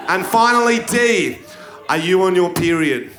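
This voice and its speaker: Stand-up, high unhurried voice, live in an echoey room with a loud crowd. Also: male voice, animated. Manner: quiz-show delivery, bursts into shouting. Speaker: stand-up comedian. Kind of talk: stand-up comedy routine. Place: live comedy venue. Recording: roomy live venue with crowd. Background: audience laughter.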